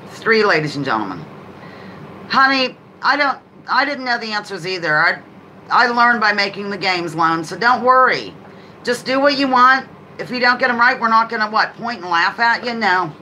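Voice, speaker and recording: A woman hosts a casual live trivia game with a bright, clear voice at an ordinary middle pitch. She chats loosely between questions and welcomes viewers by name. When she reads a question, she draws it out slowly. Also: a little hiss or hum, poor audio. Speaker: livestream host.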